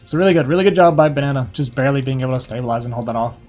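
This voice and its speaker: A young man giving casual, quick play-by-play commentary on a strategy game match, a little hoarse and thinking aloud as he goes. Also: medium pitch, a little mellow, faint music behind. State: slightly hoarse, losing his voice. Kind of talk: live esports play-by-play commentary.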